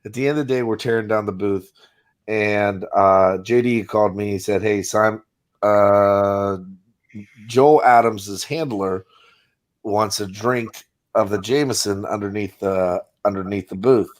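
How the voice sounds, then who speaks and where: A man's voice: lowish voice, unhurried. A man on a casual live stream telling a story and acting out the quoted lines. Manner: storytelling, acts out quotes, laughs through it.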